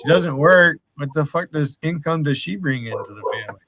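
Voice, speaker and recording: A man's voice: fairly high pitch, fairly quick, fairly bright tone, dry recording, studio quality. A man in his sixties hosting a casual live stream chat, joking and laughing at himself. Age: 60s. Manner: laughs often, self-mocking.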